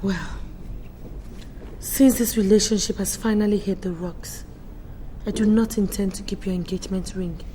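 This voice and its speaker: A woman's voice: mid-range voice, fairly even intonation, normal speed, long pauses, very noisy, lightly acted. An actress with a Nigerian accent playing a proud, hot-tempered young woman in a film drama. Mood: cold. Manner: haughty, sharp-tongued.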